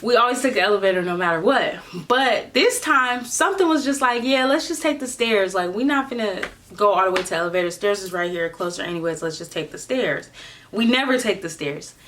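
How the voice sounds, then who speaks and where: A young woman vlogger telling a casual storytime in a slangy, animated way, acting out what people said. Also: medium pitch, brisk, slight background noise. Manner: animated, slangy, acts out quotes.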